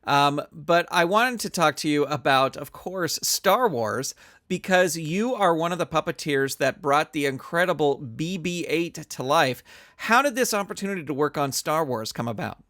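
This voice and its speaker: A man hosting a podcast with a slightly higher voice than most men. He asks measured, prepared interview questions, and the recording is dry and close. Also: lively intonation, fairly bright tone, no echo. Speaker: podcast host.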